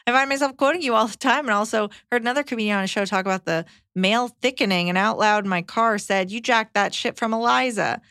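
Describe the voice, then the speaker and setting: Woman briskly reading listener letters. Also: on the high side, a bit bright, no echo, studio quality.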